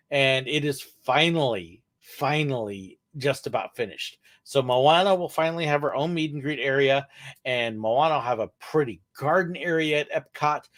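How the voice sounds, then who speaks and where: With a slightly high, somewhat bright voice, a livestream host fields viewer questions in a relaxed, rambling way, dropping in corny puns.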